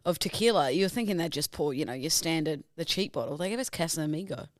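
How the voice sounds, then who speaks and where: A young woman co-hosting a podcast, chatty and teasing, quick to laugh. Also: low-pitched, expressive, dry recording, clean studio sound. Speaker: podcast co-host. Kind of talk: casual chat.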